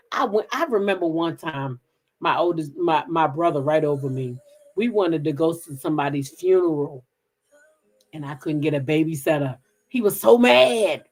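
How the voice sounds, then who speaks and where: Hosting a casual gossip live stream, a middle-aged woman reads viewer comments and chats candidly, cursing without restraint. Her voice sits low, with lively intonation at a moderate pace.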